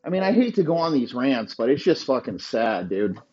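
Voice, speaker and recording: A man's voice: mid-range voice, very animated, moderate pace, warm tone. A man hosting a podcast, delivering a crude, boastful, insulting comedic rant. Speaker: podcast host. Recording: dull lo-fi sound.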